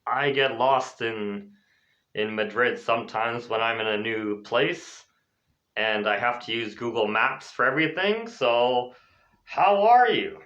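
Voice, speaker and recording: Upbeat male teacher, lo-fi recording. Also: unhurried. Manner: lively, voices example phrases in a raised pitch. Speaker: English teacher. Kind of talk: classroom explanation. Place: lives in Spain. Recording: dull lo-fi recording.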